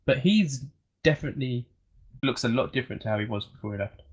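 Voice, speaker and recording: A man's voice: medium pitch, fast, slightly rough, poor audio. A young man co-hosting a podcast, chatting casually and working through his picks hesitantly. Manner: hesitant, thinks aloud with fillers. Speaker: podcast co-host. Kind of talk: casual chat.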